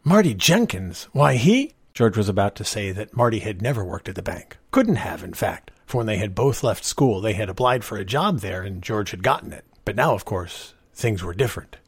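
A man narrating a story in a measured, expressive reading voice. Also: fairly low pitch, breathy edge, dry recording, studio quality.

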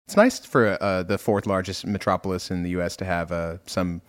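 A man's voice: low-pitched, steady tone, brisk. A man from Houston co-hosting a podcast, chatting casually with frequent swearing and laughter. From Houston, Texas. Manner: rambling, profane, laughs often. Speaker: podcast co-host. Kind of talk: casual chat.

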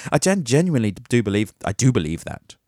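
A man's voice: mid-range voice, big pitch swings, a little fast, mellow, dry recording, clean studio sound. Theatrical sarcastic man. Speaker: podcast host. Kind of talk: solo commentary on news.

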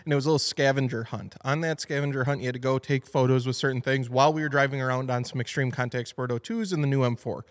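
A man co-hosting a casual podcast in a car shop, an animated storyteller who swears and acts out quotes loudly. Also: medium pitch, fast, few pauses. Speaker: podcast co-host.

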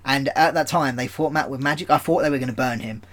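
A man's voice: mid-range voice, quick pace, fairly bright tone. A young man co-hosting a podcast, telling stories in casual chat, laughing often and using lots of fillers. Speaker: podcast co-host.

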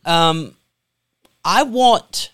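A man's voice: high voice, animated, extremely slow, a bit bright, clear, resonant tone, dry recording. A man co-hosting a podcast, talking through politics in casual, joking banter. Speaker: podcast co-host.

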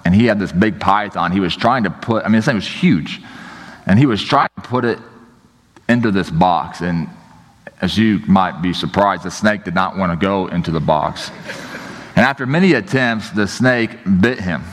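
Low-voiced pastor in a reverberant hall. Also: male voice, lively intonation, moderate pace. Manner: casual joking storytelling, lots of "you know, like". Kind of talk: sermon.

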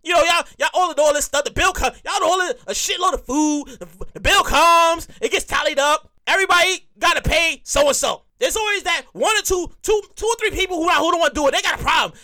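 A woman comedian hosting a podcast, telling profane, animated stories and repeating her lines. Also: very high-pitched, fairly quick, few pauses. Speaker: comedian host. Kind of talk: stand-up style podcast monologue.

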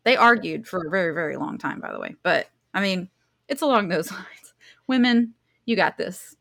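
A woman's voice: fairly low pitch, expressive, brisk, creaky, a bit bright, no room sound, studio quality. A young woman co-hosting a podcast, who chats casually and keeps adding joking, sarcastic side comments. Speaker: podcast co-host.

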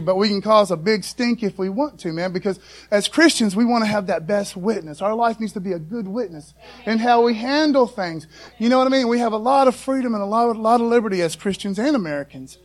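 High-voiced casual preacher man. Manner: casual, folksy preaching with many asides. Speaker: pastor. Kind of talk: sermon.

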